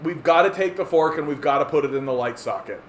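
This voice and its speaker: A man's voice: lively intonation, fast talker. A man ranting sarcastically and profanely in a political livestream monologue. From Canada. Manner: profane, sarcastic, mocks opponents in squeaky voices. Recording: echoey room with faint ambient noise.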